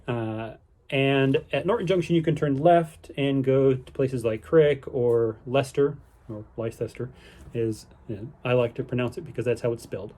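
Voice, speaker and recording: A man talking through his day for a vlog in a loose, rambling way, stopping and restarting often with plenty of fillers. His voice sits at an ordinary middle pitch, and he sounds easygoing and upbeat throughout. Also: moderate pace, dark tone. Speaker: vlogger on a canal boating holiday. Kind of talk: casual spoken recap.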